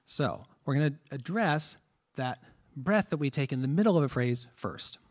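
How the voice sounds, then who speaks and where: Medium in pitch and animated at a normal speed, a man lectures in a trombone masterclass, using rhetorical questions and sung vowel demonstrations to explain breathing.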